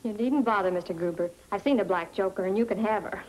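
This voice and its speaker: A woman's voice: mid-range voice, quick pace, lightly acted, low-quality recording. A woman playing a breezy, wisecracking young heiress. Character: wry young woman, the captain's grandniece. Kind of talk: 1940s film acting.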